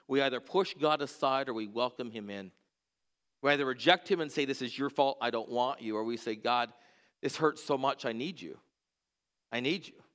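A man preaching as a church pastor, telling stories in an earnest way and dropping to a hushed voice at moving moments. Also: medium pitch, normal speed. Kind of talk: sermon storytelling.

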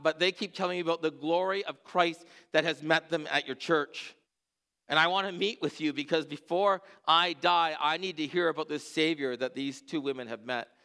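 Bright-voiced pastor telling stories in a sermon. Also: male voice, on the high side. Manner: earnest, drops to a hushed voice at emotional moments. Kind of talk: sermon storytelling. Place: church.

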